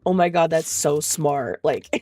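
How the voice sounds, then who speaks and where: A woman's voice: deep voice, slow pace, a little mellow. A woman chatting casually, telling a story with frequent swearing and laughter. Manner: chatty, profane, laughs often. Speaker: vlogger.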